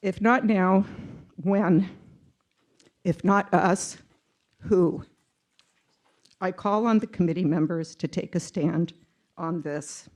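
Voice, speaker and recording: A woman's voice: lowish voice, slow pace, long pauses, a little mellow. A retired teacher in her sixties reading an earnest, emotional public comment to a committee, with some ums. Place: public meeting room.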